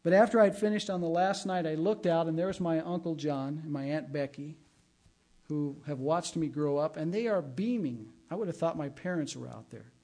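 A man's voice: on the high side, moderate pace, mellow. A middle-aged man, a pastor, giving a sermon in a conversational way and weaving in personal stories. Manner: conversational preaching with personal anecdotes.

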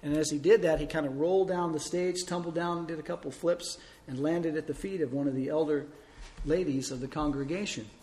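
A man preaching a sermon as a pastor, telling a story with big swings between loud emphasis and soft, slow pauses. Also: a little high, fairly even intonation.

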